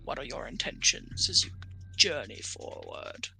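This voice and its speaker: A woman voicing a senile ancient male dragon made of bones, guarding a bridge, in a slow, breathy, questioning voice. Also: sharp tone. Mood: wary.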